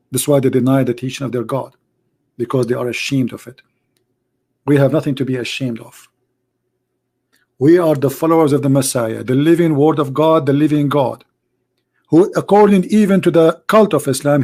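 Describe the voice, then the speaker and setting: A hoarse man hosting a livestream on religion, speaking emphatically in broken English and firing off rhetorical questions. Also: medium pitch, dark tone. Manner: emphatic, rhetorical questions, non-native grammar. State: hoarse, voice nearly gone. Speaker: livestream debate host. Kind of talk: live-streamed religious polemic.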